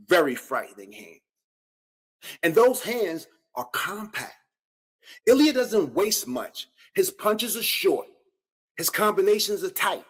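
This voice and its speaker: A man hosts a solo combat-sports podcast with a husky, slightly raised voice. His delivery is lively and animated, full of slang as he addresses his viewers directly. He sounds like a fan breaking down the matchup for his audience. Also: sits high. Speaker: podcast host. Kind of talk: solo fight-analysis podcast.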